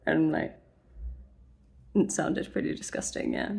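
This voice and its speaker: A woman's voice: fairly low pitch, unhurried, a bit bright. Sweary, chatty young woman. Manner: chatty, sweary, wry asides. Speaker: book vlogger. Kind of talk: casual spoiler recap.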